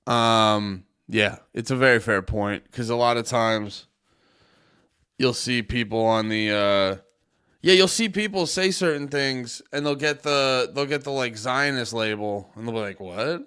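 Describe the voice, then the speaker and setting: A man's voice: mid-range voice, unhurried, sharp tone, clean tone. A man reacting to a clip on his stream, keeping it loose and jokey, swearing casually and laughing along. His voice sits in an ordinary middle range for a man. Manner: loose, joking, profane, laughs often.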